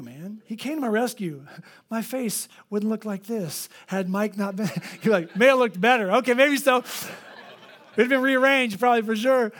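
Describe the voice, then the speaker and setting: A man preaching a sermon as pastor, telling a story and acting out the people in it with lively energy. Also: sits high. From Florida. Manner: animated, acts out the people in his stories.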